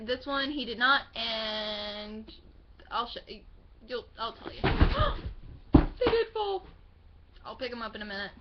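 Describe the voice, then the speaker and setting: A young woman gushes over her new books in a casual home vlog, her voice high and bubbling with excitement. She rambles happily and drops the occasional swear. The recording sounds slightly dull and lo-fi. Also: slight background noise. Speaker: book vlogger. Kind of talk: casual book haul chat.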